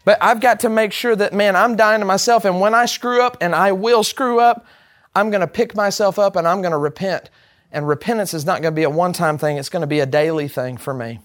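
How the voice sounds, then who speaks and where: A man's voice: high-pitched, fairly quick. Emphatic man teaching a Bible class. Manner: emphatic, with rhetorical questions to the group.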